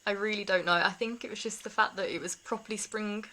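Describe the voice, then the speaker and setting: A woman's voice: medium pitch, fairly even intonation, fast talker, sharp tone, rough recording. Candid woman vlogging. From England. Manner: candid, rambling, laughs between sentences. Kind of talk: casual talk to camera.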